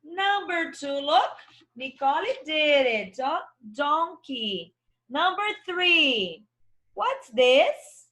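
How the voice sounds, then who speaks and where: A woman's voice: sits high, sing-song, drawn-out words, a bit bright. A young adult woman with a Brazilian Portuguese accent, teaching English to children in an online lesson and spelling words out letter by letter with encouragement.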